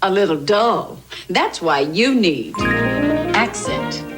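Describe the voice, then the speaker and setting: A woman's voice: medium pitch, very animated, normal speed. Friendly woman selling in an ad. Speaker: commercial presenter. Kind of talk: TV commercial. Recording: 1980s TV ad with loud music.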